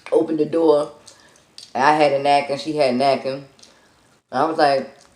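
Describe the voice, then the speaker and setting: A woman vlogger chatting and telling a story while eating on camera, animated, with squealing exclamations and laughs. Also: sits low, moderate pace, long pauses. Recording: echoey room with faint music.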